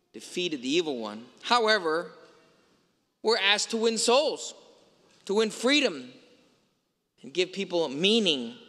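A man with a high, sharp-toned voice preaches a sermon as a priest, telling a story and asking emphatic rhetorical questions. He's in a large church, and the recording carries long church reverb.

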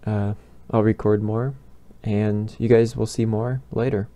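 A man's voice: fairly low pitch, flat delivery, measured pace, hardly any pauses, dark tone. A young man giving casual let's-play commentary, rambling and thinking aloud as he builds. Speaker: gaming YouTuber.

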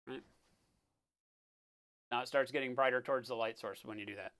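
A man talking through a live-stream painting tutorial in a relaxed, explanatory way, often checking in with "right?" and sometimes muttering as he works. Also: medium pitch, fairly quick, dry recording. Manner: muttering while working. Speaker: miniature painting instructor.

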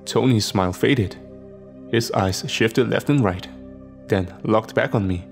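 A man telling a scripted horror story in the first person, his voice gravelly and fried at the ends of phrases. He sounds slightly low and keeps a dry, sardonic tone, with faint music underneath. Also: measured pace.

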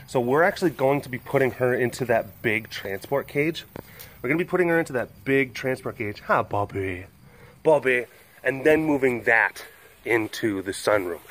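A man's voice: medium pitch, slight background noise. A man hosting a vlog, chatting casually and playfully in a rambling way about animal care. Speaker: sanctuary keeper and vlog host.

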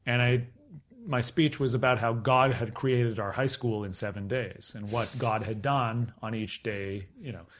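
A man in his thirties from Canada, a podcast guest telling a long anecdote and acting out the people in it. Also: mid-range voice. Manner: animated storyteller who acts out quoted voices and laughs often.

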